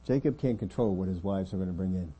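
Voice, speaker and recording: A man preaching a sermon as pastor of a church, earnest, often dropping his voice quiet to make a point. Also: low-pitched, fast talker, husky, dull audio.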